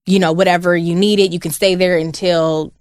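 A woman's voice: on the low side, level tone, moderate pace, dry recording, clean studio sound. A young woman co-hosting a casual chat, candid and profane, who laughs often and acts out what people said. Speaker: podcast co-host.

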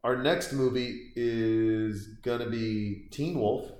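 A man's voice: mid-range voice, steady tone, takes it slowly, darkish tone. Rambling man podcasting from home. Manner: rambling, sarcastic, reacting aloud to what he watches. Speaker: podcast host. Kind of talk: casual movie-watching commentary. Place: room in a house. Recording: roomy echo.

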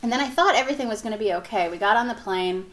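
Woman comic, animated anecdote delivery, laughs through it, acts out the quotes. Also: mid-range voice, racing. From Wisconsin. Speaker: guest comic. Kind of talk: casual storytelling.

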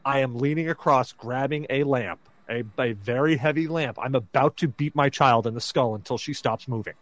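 A man's voice: mid-range voice, normal speed, no echo. A man telling a dramatic personal story on a casual podcast, full of fillers like "like". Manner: animated, dramatic retelling with filler words. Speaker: podcast co-host.

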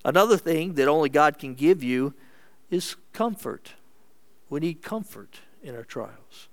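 A male pastor delivers a sermon in an unhurried, deliberate cadence, letting each phrase settle. His voice is smooth and resonant and sits a little high for a man. He is earnest throughout, pressing hard on some words and dropping almost to a murmur on others. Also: animated. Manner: earnest, measured preaching with sharp swings between emphatic and hushed delivery.

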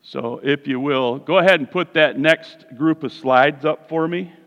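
A man's voice: fairly high pitch, a little slow. A man preaching a sermon to his congregation, telling a playful story and asking the crowd questions. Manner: playful, animated, talks to the congregation. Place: church sanctuary. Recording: distant hall echo, dull sound.

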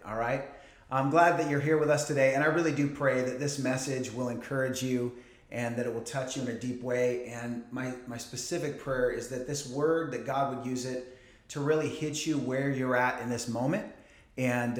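Pastor, 40s, male, relaxed sermon with jokes, roomy echo. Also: mid-range voice. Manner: conversational, joking asides, many fillers.

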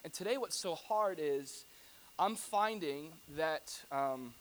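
A man preaching a sermon to his church in a conversational, animated way, with humorous asides to the congregation. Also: fairly high pitch, takes it slowly, slight background noise. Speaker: pastor.

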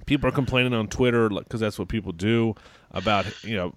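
A man's voice: lowish voice, fast talker. A man co-hosting a casual wrestling podcast, rambling with lots of fillers and restarts. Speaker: podcast co-host.

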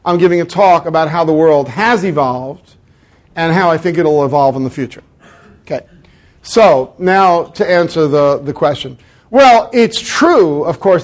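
High-voiced wry male law lecturer. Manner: wry, self-mocking humor; animated, fond of mock dialogue. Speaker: law professor giving a lecture. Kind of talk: academic lecture with Q&A. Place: university lecture hall.

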